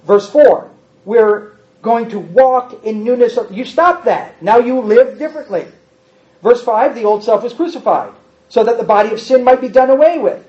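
A man preaching a sermon, hammering points home through repetition and quizzing his congregation. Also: very high voice. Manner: emphatic, repetitive, rises to forceful outbursts; asks the congregation questions. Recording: dull, muffled sound.

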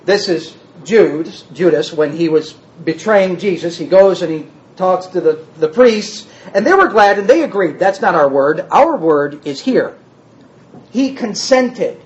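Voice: mid-range voice, expressive, measured pace, muffled recording. A Bible teacher giving a word-study lesson, reading verses aloud and then restating them in plain words.

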